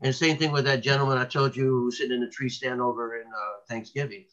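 Rambling bright-voiced man, lo-fi sound. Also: medium pitch, steady tone, fast talker. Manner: rambling storyteller with many restarts and fillers. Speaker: cryptid researcher guest. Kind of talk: casual interview talk.

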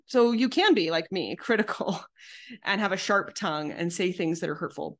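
A woman therapist with a somewhat low voice talks through her teaching in an easy, conversational way. She breaks into quick acted voices when she quotes people, then drops back to plain talk. She addresses the camera directly. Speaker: psychotherapist.

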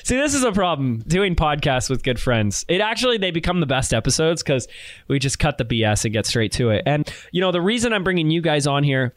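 A man's voice: fairly high pitch, very animated, fairly quick. A man hosting a podcast who talks emphatically and repeats key phrases for effect. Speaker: podcast host. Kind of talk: enthusiastic podcast interview.

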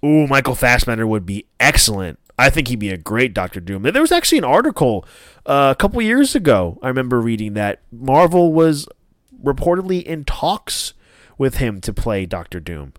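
A man co-hosting a casual chat, animated and enthusiastic, laughing often. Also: medium pitch, normal speed, no room sound, studio quality. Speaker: podcast co-host.

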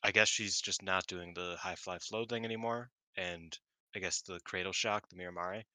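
An excitable man in casual podcast chat, swearing freely and acting out quotes in quick bursts. His voice sits low but sounds very bright and sharp. The recording is close and dry. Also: smooth, dry recording, poor audio. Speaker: podcast co-host. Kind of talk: casual wrestling review chat.

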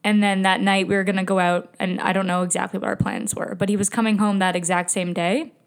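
A woman's voice: mid-range voice, little pitch movement, fast talker, clear, resonant tone. A woman podcast host telling a painful personal story in a candid, emotional way, with sighs and swearing.

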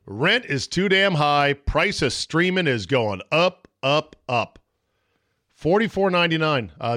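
A man's voice: mid-range voice, a bit bright, no echo, studio quality. A man hosting a solo sports podcast, blunt and profane, mocking the takes he quotes. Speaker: podcast host. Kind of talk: opinionated solo sports talk.

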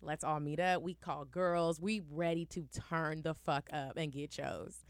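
Podcast cohost woman telling a story, animated and cussing, dry close mic. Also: low voice, a little slow, clean tone, no echo. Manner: animated, profane, acts out the people in her stories. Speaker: podcast co-host. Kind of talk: casual storytelling chat.

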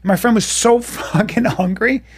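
A man's voice: high voice, moderate pace, slightly rough. A man chatting casually on a podcast, rambling through crude anecdotes. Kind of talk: casual chat, storytelling.

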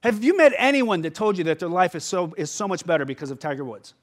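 A man's voice: high-pitched, sing-song, fast. A man preaching a sermon as pastor, conversational and emphatic, often checking in with the listeners.

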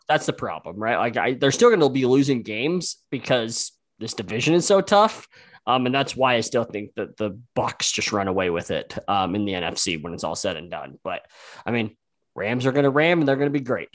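A man's voice: mid-range voice, very animated, a little fast. A man co-hosting a casual sports podcast, talking in an easygoing way with many fillers like um and like. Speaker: podcast co-host.

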